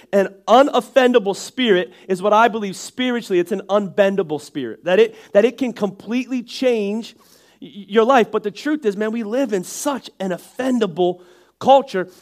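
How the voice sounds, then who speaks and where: A man's voice: high-pitched, normal speed. A man with a nasal voice and a Northeastern American accent, preaching a sermon in a casual, joking way. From Northeastern United States. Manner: conversational and joking, with frequent restarts and asides. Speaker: pastor.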